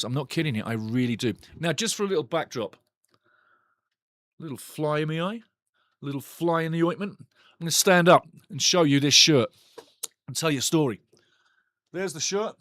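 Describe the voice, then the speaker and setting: A man's voice: fairly high pitch, normal speed, pauses often, a bit bright, dry recording. Chatty man hosting a live football stream. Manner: chatty, reads viewer comments aloud, repeats himself; outspoken and blunt. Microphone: desk microphone.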